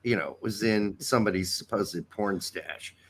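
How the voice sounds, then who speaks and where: A man's voice: fairly low pitch, moderate pace. A man co-hosting a casual soccer podcast, blunt and sardonic, swearing freely. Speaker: podcast co-host. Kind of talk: casual chat.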